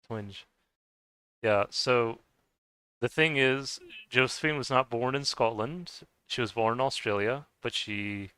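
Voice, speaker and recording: Young male streamer, casual rambling chatter, bright tone, dry close mic. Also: mid-range voice, clear, resonant tone, no echo. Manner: rambling, chatty, frequent fillers and restarts, laughs often. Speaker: gaming livestream host. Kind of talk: casual chat with live viewers.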